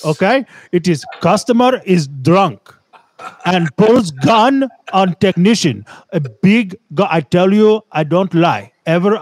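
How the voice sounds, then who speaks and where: This is a coaxing, pushy man with a put-on Indian accent, as a podcast host does the voice. He talks in clipped, broken sentences and keeps repeating himself. The voice sits fairly high, with a faint hiss underneath.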